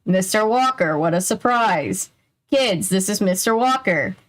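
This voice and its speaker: A woman reading the part of a patient male museum professor, measured and explanatory. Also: mid-range voice, very animated, fairly bright tone.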